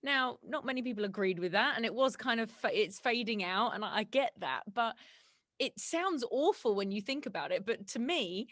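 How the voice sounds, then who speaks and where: A woman hosting a podcast, asking questions in a warm, conversational way. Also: fairly high pitch, expressive, moderate pace, dry recording, clean studio sound. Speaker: podcast host. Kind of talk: empathetic interview.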